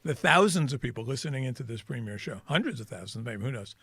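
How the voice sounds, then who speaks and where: A man's voice: medium pitch, animated, fast talker, gravelly, a bit bright, breathy edge, no echo. A man co-hosting a casual podcast, a wry, joking storyteller who keeps the chat moving. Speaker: podcast co-host. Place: Kansas City.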